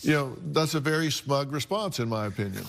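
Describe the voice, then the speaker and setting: A man's voice: mid-range voice, lively intonation, brisk. A man hosting a confrontational TV talk show, lecturing guests in a blunt, emphatic way.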